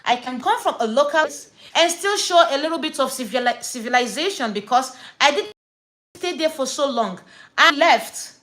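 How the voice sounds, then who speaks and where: A woman's voice: sits high, animated, moderate pace, fairly bright tone, poor audio. A woman from Nigeria with a Nigerian accent, telling a story and ranting to camera in a casual vlog, stressing points by repeating words and slipping into Pidgin. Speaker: vlogger.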